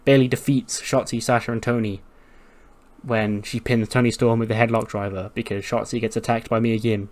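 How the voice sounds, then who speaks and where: A man's voice: medium pitch, level tone, normal speed, a little mellow. A man narrating a wrestling game casually, swearing and chuckling as he books matches. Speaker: gaming YouTuber. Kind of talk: casual let's-play narration.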